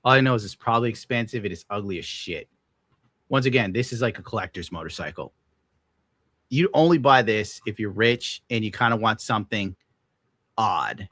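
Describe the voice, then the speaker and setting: A man's voice: expressive, moderate pace, fairly bright tone, no echo. A young adult man hosting a casual stream, ranting in an exasperated, sarcastic way with frequent swearing and sudden jumps into outrage. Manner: exasperated, sarcastic, swears often, bursts into high-pitched outrage. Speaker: podcast host. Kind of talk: casual livestream rant.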